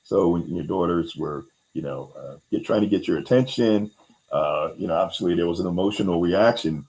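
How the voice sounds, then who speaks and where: A man with a very low voice talks a guest through ideas about resilience. He keeps it casual, with plenty of fillers, and he briefly acts out little quotes as he goes. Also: moderate pace, gravelly, darkish tone, rough recording. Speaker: host. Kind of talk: explaining resilience skills in a conversation.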